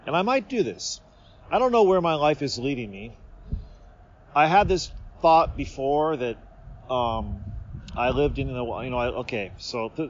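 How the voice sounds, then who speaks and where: Outdoors under a tree, a podcast host from the Seattle area in the USA delivers a playful, wandering monologue, frequently stopping himself and starting his thoughts over. He has a mid-range voice, and the recording sounds slightly dull.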